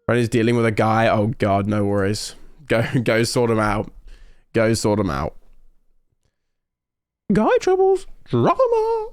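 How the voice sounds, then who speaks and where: A man's voice: lowish voice, fairly even intonation, normal speed, clean tone, no echo, clean studio sound. A young man from the UK telling a story in casual stream chat, rambling and interrupting himself, laughing often.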